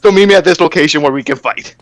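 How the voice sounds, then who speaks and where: A man's voice: fairly high pitch, rapid-fire, dry recording, natural voice. A man mockingly voicing a smug, gloating male villain with a theatrical delivery.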